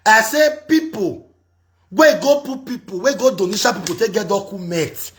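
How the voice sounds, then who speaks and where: Lively Nigerian Pidgin-speaking man host. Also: high-pitched, normal speed, a little hiss or hum. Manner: animated, insistent, interjecting. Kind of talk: casual live-stream chat.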